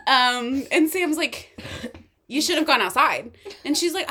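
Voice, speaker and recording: A woman co-hosting a casual podcast chat, retelling a TV episode with lively acted-out quotes and frequent laughter. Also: high voice, a little slow. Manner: animated storytelling, acting out quoted lines, laughs often. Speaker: podcast co-host.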